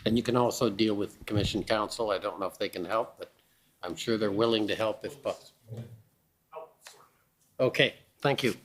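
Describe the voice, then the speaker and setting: A man chairing a formal public hearing, speaking haltingly with frequent pauses. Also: on the low side, a little hiss or hum, low-quality recording. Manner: halting, hesitant with many uhs. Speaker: commission chair.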